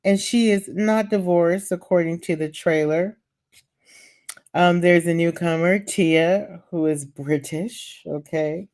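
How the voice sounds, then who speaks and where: Late at night in a home vlog, this woman chats and gossips in a slightly mellow, lowish voice at a slow pace. She fills her talk with fillers and affectionate asides, calling people "child" and "baby."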